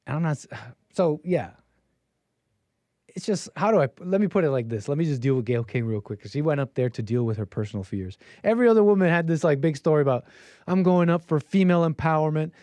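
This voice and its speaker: A man's voice: a little high, very animated, quick pace, warm tone, no echo. Mocking, rambling male talk-show host. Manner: mocking, rambling, quotes people in silly voices. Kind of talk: casual on-air commentary.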